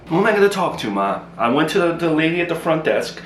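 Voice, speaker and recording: A man acting in a comedy sketch, exasperated and quick to argue back. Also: a little high, big pitch swings, reverberant, a little hiss or hum, poor audio.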